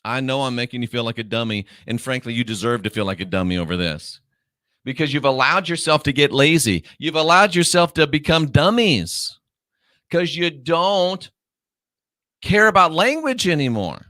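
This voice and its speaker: A man hosting his own online show, delivering a scornful, lecturing monologue and stretching key words out slowly for emphasis. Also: mid-range voice, expressive, sharp tone, dry recording, studio quality.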